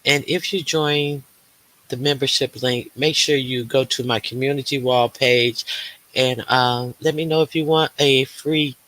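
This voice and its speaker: A man's voice: medium pitch, steady tone, a little slow, sharp tone, no room sound. A man hosting a casual livestream, greeting viewers by name and chatting with lots of fillers. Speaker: livestream host.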